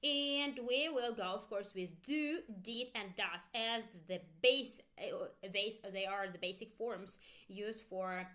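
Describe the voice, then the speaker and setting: A woman's voice: medium pitch, slow pace, pushed and bright. A woman whose first language is Russian teaches an online English grammar lesson, repeating phrases for learners to echo.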